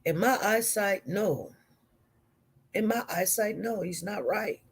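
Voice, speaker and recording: A woman nurse chats on a live stream, circling back over the same points and checking in with her listeners. Her voice sits at an ordinary middle pitch for a woman. The delivery is loose and conversational. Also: takes it slowly, husky. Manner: rambling, repetitive, talks straight to viewers. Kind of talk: casual live-stream storytelling.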